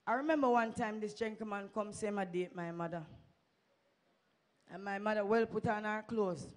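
A woman's voice: mid-range voice, normal speed. A woman with a Jamaican accent stands before a church congregation and gives her testimony. She speaks fervently and urges her listeners on, moving easily between English and Patois. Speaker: church member giving testimony. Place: church sanctuary.

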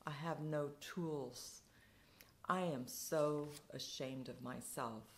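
A woman voicing a big, hostile drunk man who snarls and shouts his taunts. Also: sits low, slow pace, slight background noise. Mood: despairing. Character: hostile drunk male laborer, big and raging.

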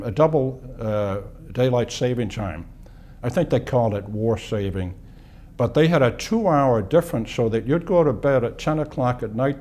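A man in his eighties from Boston, telling wartime memories in an oral history interview, unhurried, with pauses and restarts. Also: mid-range voice, mellow. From Boston, USA. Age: 80s. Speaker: interviewee, war veteran.

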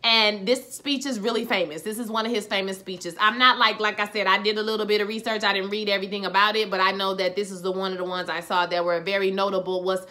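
A woman giving a casual, animated recap of a TV episode, talking in slang straight to her viewers. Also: mid-range voice, fast talker, hardly any pauses. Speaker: TV episode reviewer.

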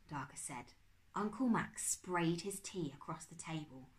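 A woman teacher reading a children's novel aloud to her class. Her pitch moves freely and expressively through the narration, at a steady storytelling pace. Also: a little slow. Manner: expressive, animated.

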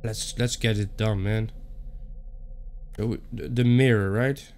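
A man's voice: on the low side, steady tone, slow, pauses often, a little mellow. A young man with a Dutch accent giving playful, muttered commentary on a horror game playthrough, talking to himself and joking. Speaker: gaming YouTuber.

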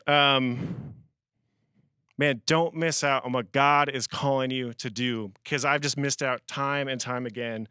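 Bright, animated young-sounding man preaching casually. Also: mid-range voice, clear, resonant tone, dry recording. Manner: peppers sentences with "man", animated storyteller. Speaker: youth speaker. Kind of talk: casual youth sermon with storytelling.

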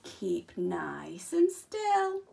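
Two knowing flies in a storybook, drawn-out and deliberate, put on by a woman reading aloud. The voice sounds set back from the listener and swoops between high and low. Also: wildly swooping pitch, creaky, warm tone, heavily acted. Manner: slow and deliberate, pronouncing a verdict. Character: pair of buzzing flies, knowing.

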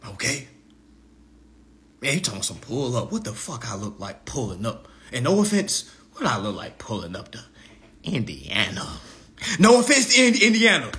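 A man in his thirties delivering a mocking, profane roast monologue to camera, swinging between loud jeers and low mutters. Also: huge pitch swings, normal speed. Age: 30s.

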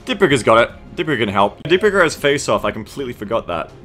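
A man's voice: mid-range voice, sing-song, fast talker, a bit bright, soft background music. A man giving joking, rambling commentary over his video game campaign, full of crude jokes and silly repetition. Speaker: gaming video creator.

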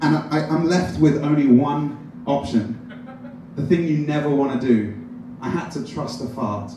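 Young English comic at an open mic, fairly high voice, caught from afar in an echoey room with clear background noise. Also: male voice, normal speed, distant mic. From England. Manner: animated, self-deprecating storytelling. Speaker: stand-up comedian. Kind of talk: stand-up storytelling. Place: open mic at a coffee shop.

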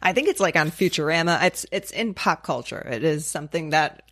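Young woman from New York State, co-host, blunt and profane, expressive pitch, dry close sound. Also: brisk, dry recording. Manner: blunt, swears freely, dry jokes. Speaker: podcast co-host. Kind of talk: casual banter.

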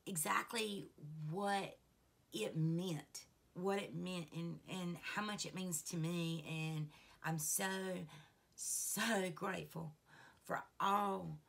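A woman's voice: fairly low pitch, creaky, fairly bright tone. A woman vlogger, chatting casually to her viewers in a rambling, heartfelt way and laughing at herself. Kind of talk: casual chat to camera.

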